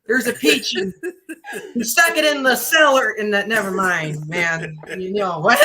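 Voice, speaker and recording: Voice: medium pitch, lively intonation, a little slow, a crowd in the background, low-quality recording. A speaker chatting on a livestream, telling goofy stories through giggles. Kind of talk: casual livestream chat.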